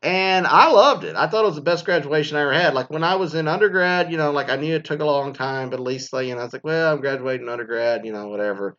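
A man's voice: on the high side, fast talker, few pauses, fairly bright tone. Swearing ex-teacher guy ranting, casual and rambling, kinda dull lo-fi sound. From Texas. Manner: profane, rambling, mocking. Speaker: former teacher. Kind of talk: casual profane rant.

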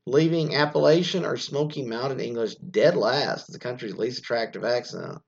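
A man in casual commentary, his voice a bit husky and worn. He rambles with plenty of restarts and opinionated asides. The recording sounds dull and slightly muffled. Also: mid-range voice, moderate pace. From United States. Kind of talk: casual commentary, reading news aloud.

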